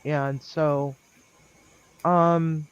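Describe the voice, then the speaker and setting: A man telling a long work story on a live stream in a rambling, chatty way, with lots of ums and lively quoted dialogue. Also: a little high, extremely slow, clean tone. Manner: chatty, lots of ums, animated when quoting others. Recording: dull lo-fi dry sound.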